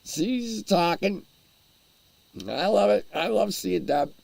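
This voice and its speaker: A man's voice: sits high, slow, vocal fry, darkish tone, no echo. A man hosting a casual livestream, rambling and chuckling as he answers his chat while eating. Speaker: livestream host.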